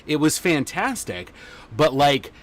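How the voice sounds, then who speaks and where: A man's voice: on the high side, sing-song, slow pace. Rambling, chatty male podcast host. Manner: rambling and chatty, many fillers. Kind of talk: casual livestream chat.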